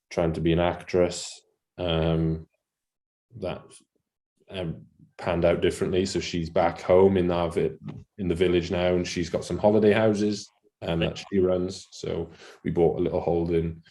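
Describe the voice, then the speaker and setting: A young man with a Welsh accent and a very low, deep voice talks about his farm in a relaxed interview. He is a native Welsh speaker who stops and restarts often, filling the gaps with ums. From mid Wales. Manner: hesitant, with many ums and restarts. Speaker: guest poultry farmer. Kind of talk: casual interview chat.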